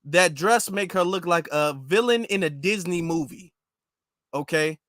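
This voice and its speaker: A man's voice: a little high, unhurried, a bit bright, no room sound, clean studio sound. A man hosting his own channel, giving emphatic, repetitive reaction commentary and driving his points home over and over.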